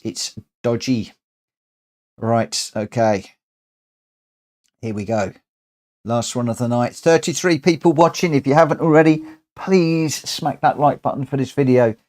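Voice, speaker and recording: Excitable sim-racing streamer. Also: male voice, mid-range voice, unhurried. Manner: chatty, excitable, reads out race results. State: tired. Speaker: live-stream host and sim racer. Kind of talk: live gameplay commentary.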